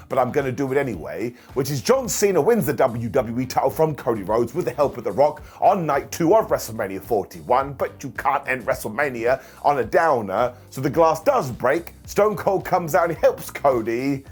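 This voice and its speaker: A young man reviewing a wrestling show on his own, joking and animated. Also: mid-range voice, slightly rough. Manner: animated, jokey, puts on silly voices for quotes. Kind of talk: solo review monologue.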